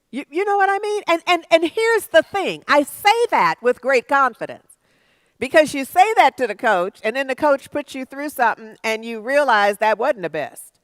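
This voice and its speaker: A woman's voice: high voice, expressive, normal speed, no room sound. A woman minister giving a sermon, conversational at first and building to emphatic preaching.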